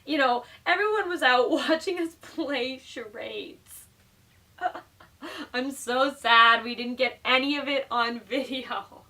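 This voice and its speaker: A woman with a bright, high voice tells a story in a relaxed vlog. She talks in a chatty, animated way, full of "like" and quick laughs. Her voice sits a little back from the mic. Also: distant mic. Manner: chatty and animated, heavy use of "like", laughing often. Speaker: vlogger telling a story. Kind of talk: casual storytime narration.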